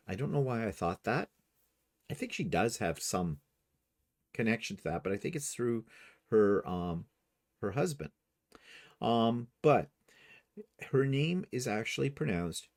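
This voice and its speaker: A middle-aged man hosting a casual quilting show. His voice sits low but moves a lot, with animated rises and falls. He talks in a chatty, meandering way and stops to correct himself. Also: a little slow, pauses often. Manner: chatty, rambling, self-correcting. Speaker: host. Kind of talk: casual chat.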